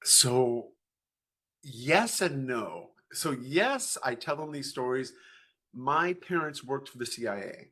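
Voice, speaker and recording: A man's voice: medium pitch, slow pace. Man telling family stories in an interview. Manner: animated storyteller, acts out dialogue. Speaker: guest parent. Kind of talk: conversational interview storytelling.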